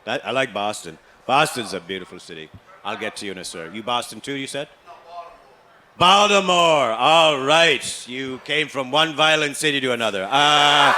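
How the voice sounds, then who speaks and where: A man doing stand-up comedy in a club, telling deadpan stories about his family and chatting with the crowd. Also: medium pitch, normal speed. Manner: deadpan storytelling, loud put-on voices for family.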